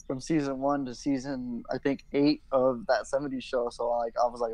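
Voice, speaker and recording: A man's voice: medium pitch, little pitch movement, normal speed, a little mellow, no echo, low-quality recording. Young man, podcast co-host, casual rambling chat, filler-heavy, swears, dry close recording. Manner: rambling, full of "like" and restarts, swears.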